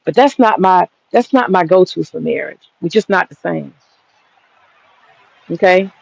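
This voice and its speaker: Her voice is lowish and unhurried, with vocal fry, as this thirtysomething woman rants profanely and combatively at a critic in a heated, casual way. The sound is dull and lo-fi.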